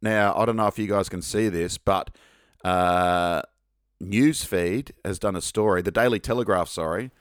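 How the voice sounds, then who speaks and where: Aussie bloke hosting, lowish voice, dead dry close mic, keeps restarting. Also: male voice, normal speed, smooth, dry recording. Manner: jokey, rambling, with frequent restarts. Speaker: podcast host. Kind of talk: casual podcast chat.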